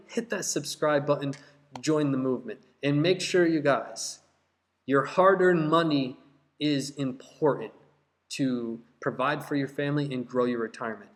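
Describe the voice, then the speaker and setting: A man's voice: mid-range voice, steady tone, normal speed. Emphatic man hosting a crypto vlog. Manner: emphatic and heated, repeating points to viewers. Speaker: crypto YouTube host and course seller. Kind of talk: direct-to-camera vlog talk.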